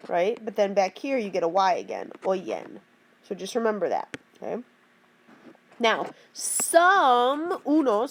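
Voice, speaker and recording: A woman's voice: mid-range voice, a little mellow. A woman teaching a grammar lesson, explaining patiently and checking in with the class with frequent "okay?" and "right?". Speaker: Spanish teacher.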